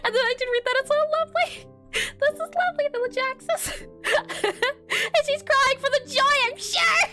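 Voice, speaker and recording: A woman's voice: very high voice, moderate pace, pushed and bright, soft background music. A young woman streaming as she reviews viewer art, bubbly and giggly, repeating her praise. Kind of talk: casual livestream commentary.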